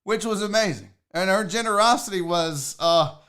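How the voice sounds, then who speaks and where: Running a laid-back sports livestream, this man swears now and then and calls out chat members by name in a loose, profane manner. His high voice sounds pushed and bright, at a moderate pace.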